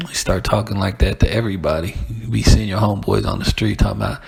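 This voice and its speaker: Gravelly, husky male host, rambling and profane, loose monologue. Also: lowish voice, fairly even intonation, normal speed, a little mellow. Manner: rambling, profane, laughing asides. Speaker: podcast host. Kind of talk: casual monologue.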